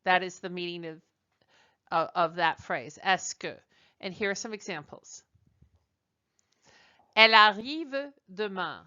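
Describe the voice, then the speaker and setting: A woman's voice: fairly low pitch, fairly even intonation, normal speed, fairly bright tone. A woman teacher giving a language lesson, explaining step by step and translating each example. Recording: dull lo-fi recording.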